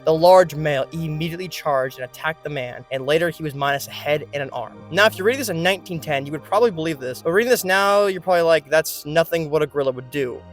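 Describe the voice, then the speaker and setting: A fairly high-pitched man talks through a casual video essay, joking as he goes and dropping informal asides. Faint music plays softly behind his voice.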